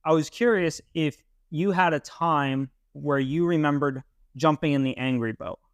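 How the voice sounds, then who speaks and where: A man's voice: a little high, moderate pace, dry recording. A young man co-hosting a podcast, explaining ideas emphatically in casual chat, with casual swearing. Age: young adult. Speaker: podcast co-host.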